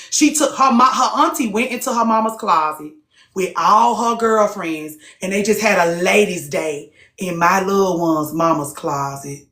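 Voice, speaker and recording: This live group talk host speaks at medium pitch in a pushed, bright voice. She's blunt and profane, rattling off rhetorical questions to her listeners in a casual, heated way, and the room sounds echoey.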